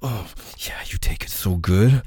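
Close to the mic, a man murmurs low and breathy in an intimate audio role-play, letting out soft moans. He's expressive and a little slow, with no echo.

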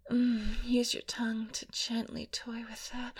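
Woman, whispered role-play, breathy, slow, intimate, coaxing. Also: on the high side, monotone, sharp tone. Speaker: audio role-play performer.

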